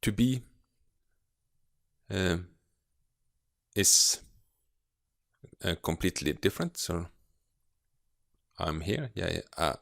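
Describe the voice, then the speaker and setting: A man giving a video grammar lesson as a teacher, explaining slowly and patiently with frequent hesitations. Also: low voice, expressive, gravelly, fairly bright tone, dry recording, studio quality. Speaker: language teacher.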